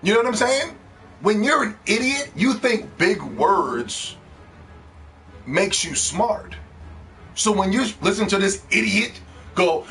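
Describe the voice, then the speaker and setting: A man's voice: high-pitched, expressive, measured pace, fairly bright tone. A man giving a profane, scornful rant about video games, mocking other players as he talks, with faint music behind. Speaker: video game commentator. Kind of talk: ranting game commentary.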